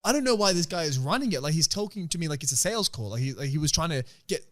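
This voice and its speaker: A young Australian man co-hosting a podcast, asking excitable questions and telling stories into a studio microphone. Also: fairly high pitch, racing. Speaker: podcast co-host. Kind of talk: casual chat.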